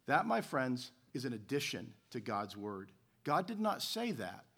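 A man's voice: mid-range voice, sing-song, unhurried, gravelly, a bit bright, breathy edge. A man preaching a sermon as a pastor, telling stories and reading scripture aloud in an earnest way.

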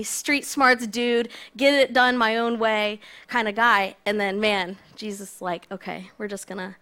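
A woman's voice: fairly high pitch, a bit bright, clear, resonant tone. Casual, chatty woman preacher. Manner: casual, conversational, self-deprecating. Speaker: guest preacher. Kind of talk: sermon.

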